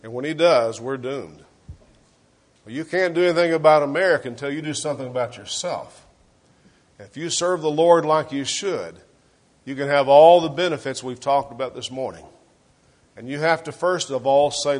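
A man preaching an earnest sermon, often clearing his throat and letting his voice sink soft and low at the ends of phrases. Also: a little slow.

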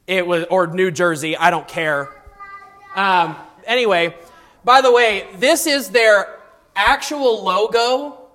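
A man teaching a classroom of high schoolers, talking casually, adding wry asides and often checking in with "okay?". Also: slow pace, pushed and bright. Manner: mildly sarcastic asides. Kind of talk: classroom lesson. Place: classroom with students.

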